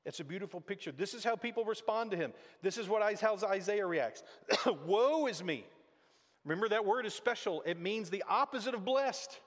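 Male pastor, fairly high voice, casual sermon delivery, hall reverb. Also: lively intonation, fairly quick, hardly any pauses. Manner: conversational preaching with acted-out quotes. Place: church sanctuary.

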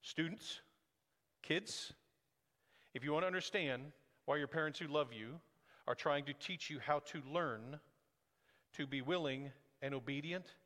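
A male pastor delivers an expository sermon in a slightly high voice. He builds to emphatic, forceful peaks and then slows to grave, deliberate phrases. The long reverb of a large church sanctuary trails after his words.

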